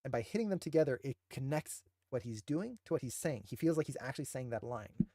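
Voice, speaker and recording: A man's voice: mid-range voice, animated, fast, warm tone, no echo, studio quality. A man who teaches animation, enthusiastically breaking down shots with emphatic, admiring commentary.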